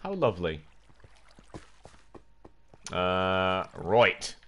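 A man's voice: low-pitched, extremely slow, clean tone. A young man streaming a video game live, chatting to his viewers and yelping when something startles him. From United Kingdom. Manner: excitable, jokey, talks to chat, yelps when startled. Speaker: gaming livestreamer. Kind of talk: casual live gameplay commentary.

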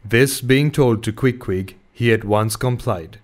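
A man reads a classic novel aloud in a measured, steady way and makes small slips now and then. His voice sits at an ordinary middle pitch. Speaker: audiobook reader.

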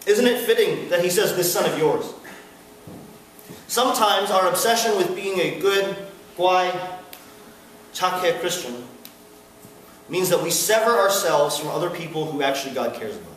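Man, young adult, sermon, higher voice, earnest and emphatic, distant mic, big echoey hall. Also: normal speed, a bit bright, slight background noise. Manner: earnest, builds to emphatic peaks, acts out a screaming son. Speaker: campus fellowship speaker. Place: large hall at a student gathering. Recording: echoey hall recorded from afar.

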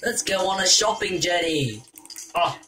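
A young man giving excitable, jokey commentary while playing a video game. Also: sits high, unhurried, soft background music. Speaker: gaming YouTuber. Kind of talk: gameplay commentary.

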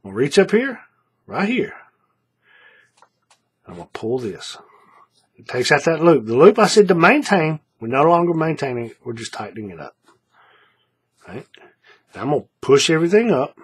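This man's voice is on the high side and slightly rough, with big swings in pitch, normal speed, and long pauses. He teaches a hands-on paracord bracelet craft in a chatty way, going over steps again and asking the viewer "right?" often.

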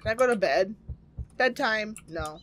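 A woman's voice: mid-range voice, lively intonation, measured pace, a little hiss or hum. A woman playing a horror game and commenting casually, chatty and reactive, with jokes and swearing. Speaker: game streamer. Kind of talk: let's play commentary.

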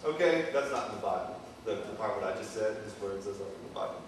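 A man preaching a casual, chatty sermon, full of asides and quick "okay?" checks with his listeners. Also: lowish voice, lively intonation. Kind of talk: informal sermon. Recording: very echoey, distant mic, faint noise.

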